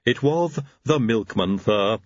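A man's voice: fairly low pitch, expressive, slow, no echo, dull audio. A man doing Igor, a lisping dour servant. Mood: dour, deferential. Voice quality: lisp. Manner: gloomy, deferential, dry. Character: grim male servant with a lisp, dour.

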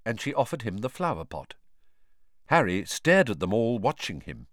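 Expressive male storybook narrator. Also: on the low side, normal speed, no echo, clean studio sound. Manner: expressive, lively reading. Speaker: audiobook narrator.

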